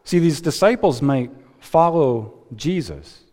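A man preaching a sermon as a pastor, slow and deliberate with dramatic pauses, heard in a church sanctuary. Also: a little high, expressive, mellow. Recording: long reverb of a church hall.

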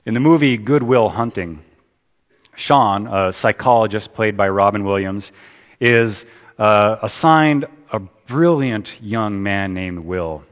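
A man preaching a sermon. He swings from loud emphasis down to hushed, repeated words. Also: fairly low pitch, slow. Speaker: pastor. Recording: long hall reverb.

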